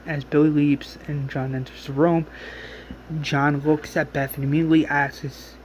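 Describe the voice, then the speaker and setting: A man casually recapping a story aloud, rambling and halting with many restarts. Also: fairly high pitch, level tone, slight background noise. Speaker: narrator recapping a fan series episode.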